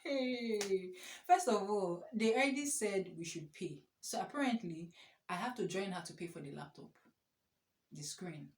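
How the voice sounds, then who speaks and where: A woman's voice: mid-range voice, unhurried. Young woman, echoey room. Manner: animated, exclamatory storytelling with laughs. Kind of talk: casual storytime.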